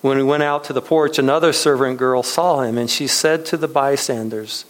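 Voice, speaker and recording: A man's voice: mid-range voice, fairly even intonation, normal speed, poor audio. Conversational male pastor preaching casually. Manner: conversational, many fillers and restarts, chuckles often. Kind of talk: casual sermon.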